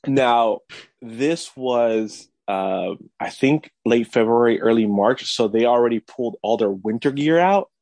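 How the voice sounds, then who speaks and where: A man co-hosting a casual podcast, telling stories in a profane, animated way. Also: medium pitch, a little slow, no room sound. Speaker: podcast co-host.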